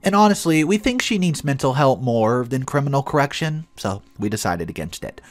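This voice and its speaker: A man's voice: medium pitch, very animated, a little fast, faint music behind. A man narrating an online story in a dramatic, scripted reading.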